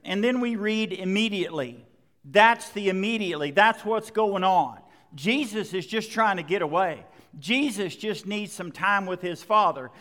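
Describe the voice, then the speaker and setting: A man's voice: high-pitched, expressive, moderate pace, fairly bright tone. A man preaching a sermon as pastor, emphatic and conversational, acting out the quoted lines. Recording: long hall reverb.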